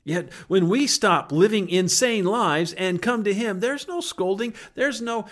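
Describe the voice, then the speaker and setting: A man preaching a sermon in an earnest, emphatic way, with dramatic pauses and some words dropped almost to a whisper. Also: high-pitched, lively intonation, fairly bright tone. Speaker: pastor.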